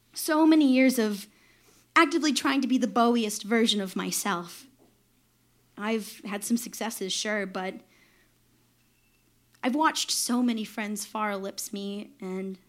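Woman in her thirties, high bright pitch, personal storytelling, wry and self-mocking, laughs between lines. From New York.

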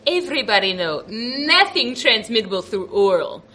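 A woman's voice: on the high side, very animated, moderate pace, voice pushed down. Brusque lecturing doctor, put on by a woman. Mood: dismissive. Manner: blunt, lecturing, overconfident. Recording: loud audience and noise.

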